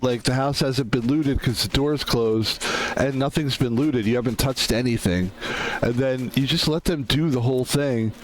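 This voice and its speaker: A male streamer talking through his game in a loose, rambling way, breaking into jokes and laughs. His pitch swings around a lot as he talks, and there is faint background ambience. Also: a little hiss or hum. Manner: rambling, laughing, joking asides. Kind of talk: casual gameplay commentary.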